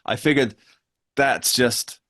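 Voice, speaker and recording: A man hosting a political discussion, speaking in a measured, wry way and pausing to rephrase himself. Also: medium pitch, a bit bright. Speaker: host.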